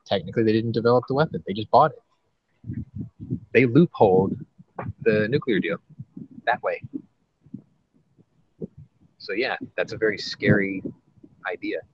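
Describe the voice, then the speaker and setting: A man's voice: lowish voice, unhurried, long pauses. A man hosting a casual podcast chat, rambling and profane, often restarting his sentences. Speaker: podcast host. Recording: dull lo-fi with faint noise.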